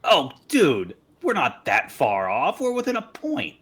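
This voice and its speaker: A man's voice: fairly high pitch, huge pitch swings, unhurried, a bit bright, slightly rough. A man co-hosting a casual movie podcast, laid-back and wry. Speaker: podcast co-host.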